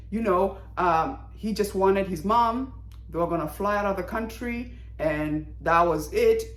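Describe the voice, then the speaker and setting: A woman talking casually to camera as she reviews a TV drama, animated and exclamatory, and she acts out characters' lines. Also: fairly low pitch. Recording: echoey room.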